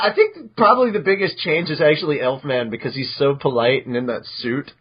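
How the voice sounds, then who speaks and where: A man casually recapping episodes on a podcast, animated and chatty, with a voice pitched a little high. He sometimes jumps into squeaky character voices as he tells it. The recording sounds dull and lo-fi. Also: fairly quick, few pauses, slightly rough. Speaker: podcast host.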